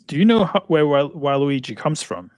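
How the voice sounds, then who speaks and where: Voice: mid-range voice, animated, normal speed, darkish tone, dry recording, studio quality. Joking guest full of game trivia. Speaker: guest panelist. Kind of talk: casual chat on a live stream.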